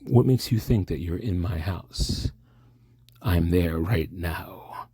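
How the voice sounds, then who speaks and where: A man putting on a slow, hushed, eerie mystery man. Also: low voice, breathy edge, heavily acted. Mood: menacing, hushed. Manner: slow, hushed, drawn-out delivery. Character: eerie soft-spoken mystery man from a film, older male, menacing.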